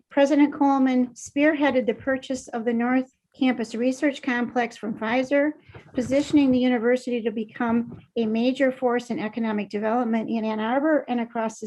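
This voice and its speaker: A woman's voice: a little high, a little mellow, low-quality recording. A woman who is a university vice president, reading a prepared statement to a board and sometimes showing emotion. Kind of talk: formal board presentation.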